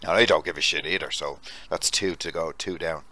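A man's voice: rumbling low, steady tone, a little fast, pushed and bright. An Irish man co-hosting a podcast in casual chat, stumbling and apologetic, laughing often. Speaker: podcast co-host.

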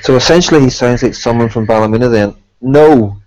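A man's voice: mid-range voice, a little fast, a little mellow, rough recording. A man co-hosting a casual live-streamed chat show, joking and teasing his guests. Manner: teasing, jokey banter. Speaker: co-host.

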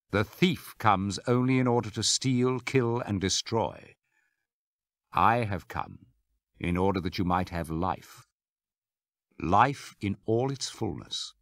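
Jesus, calm and measured, read by a man. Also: on the low side, no echo, heavily acted. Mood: steady. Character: Jesus, a calm adult male teacher speaking with authority. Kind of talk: scripture reading.

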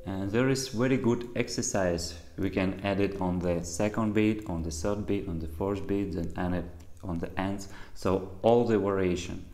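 A man's voice: low-pitched, fairly even intonation, moderate pace, darkish tone. A man whose first language is Russian teaches a handpan lesson, explaining patiently in simple English. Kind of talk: music lesson instruction. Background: handpan playing.

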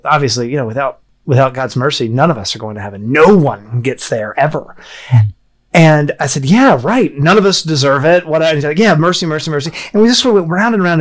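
A man on a podcast panel, telling stories in a casual discussion and often laughing mid-sentence. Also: on the high side.

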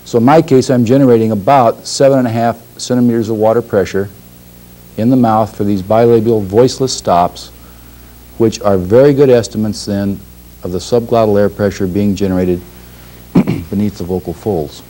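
A man teaching a class, explaining a lab demonstration in a measured way, pausing and clearing his throat now and then. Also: lowish voice, fairly even intonation, dark tone, low-quality recording. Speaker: instructor.

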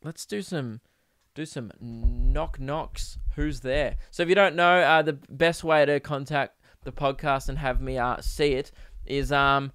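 A man's voice: medium pitch, measured pace, clear, resonant tone, no echo, clean studio sound. A young man hosting a podcast, rambling through crude comedic stories with lots of ums and uhs. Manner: rambling, crude and deadpan with many fillers. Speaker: podcast host. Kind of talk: casual comedic monologue.

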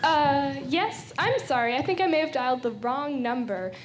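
A woman's voice: high-pitched, animated, normal speed, a little hiss or hum. A woman playing a caller checking references, with a polite, formal phone manner. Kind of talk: comedy sketch acting.

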